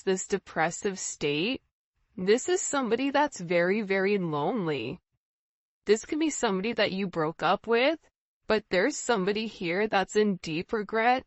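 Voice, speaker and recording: A tarot reader with a mid-range voice gives a casual, intuitive reading, repeating words for emphasis in her relaxed phrasing. The recording is dry and muffled.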